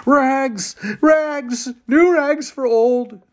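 A man voicing a tall male ragman who speaks gently with quiet authority and cries out his wares. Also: lowish voice, moderate pace, close to an everyday voice. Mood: calling out. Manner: soft and gentle, crying out wares loudly.

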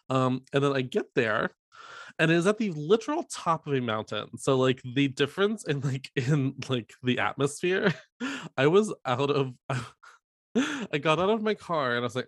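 A man's voice: mid-range voice, sing-song, normal speed, no room sound, clean studio sound. A man in his thirties co-hosting a podcast, telling a rambling story with many fillers and laughs. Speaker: podcast co-host. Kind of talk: casual chat.

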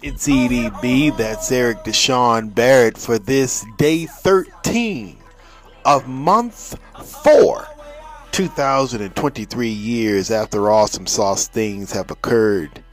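A man's voice: medium pitch, slow, soft background music. A man hosting a casual solo podcast, playful and rambling, often restarting his sentences. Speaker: podcast host.

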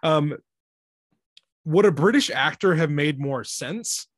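A man's voice: on the high side, lively intonation, slow pace, no echo, clean studio sound. A man co-hosting a casual movie chat, musing aloud, asking questions and laughing easily.

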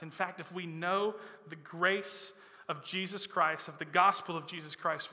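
A man preaching a sermon as pastor, his delivery swinging from loud emphatic lines to soft, hushed ones. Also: on the high side, big-room sound.

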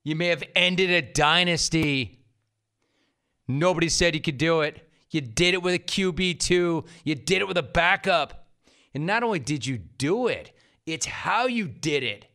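A man's voice: fairly high pitch, animated, unhurried, sharp tone. A man hosting a sports radio show, brash and punchy, repeating short phrases for effect. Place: radio studio.

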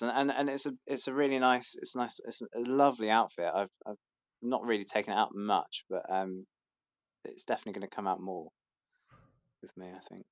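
A man's voice: on the low side, no echo. A man, chatting hesitantly as a podcast guest, with many fillers and restarts. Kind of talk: casual chat.

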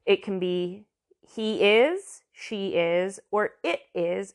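A woman giving a casual language lesson, chatty, sounding out words slowly and repeating them. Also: medium pitch. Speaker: language teacher.

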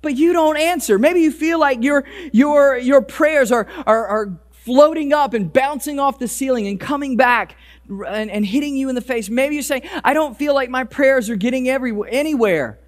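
A male pastor preaching a sermon with animated delivery, often repeating his first words as he starts a sentence. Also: very high voice, moderate pace. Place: church service, also streamed.

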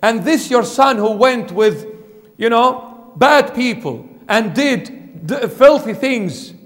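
A man's voice: very high-pitched, expressive, slow, big-room sound, voice pushed up, full character voice. A man acting out an aggrieved older son who complains to his father during a sermon. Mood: complaining. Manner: whining, aggrieved.

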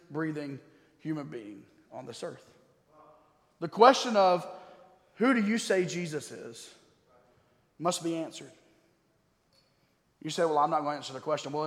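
A man preaching a sermon as pastor. He is emphatic, slows down to stress key words and drops suddenly to a quiet voice. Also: sits high. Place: church sanctuary. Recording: echoey hall with long reverb.

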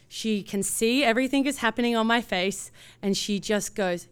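An Australian woman in her thirties, a producer, telling a personal story in an animated way and acting out the voices of the people in it. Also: medium pitch, normal speed, clean tone.

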